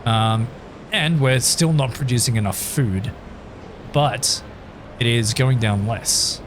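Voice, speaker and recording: An Australian gaming YouTuber with a mid-range voice commentates his gameplay slowly over a noisy background. He chats casually with his viewers and thinks aloud, filling the gaps with plenty of ums.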